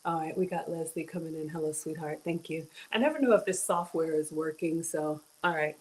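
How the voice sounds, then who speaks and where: A woman's voice: low voice, fairly quick, a little mellow, poor audio. A middle-aged woman hosting a casual cooking livestream, chatty and greeting viewers by name. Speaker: cooking show host.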